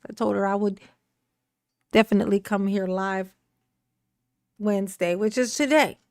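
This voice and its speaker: A woman's voice: mid-range voice, normal speed, smooth, no room sound, clean studio sound. A woman hosting a casual livestream, greeting viewers by name in a playful, sing-song manner. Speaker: livestream host.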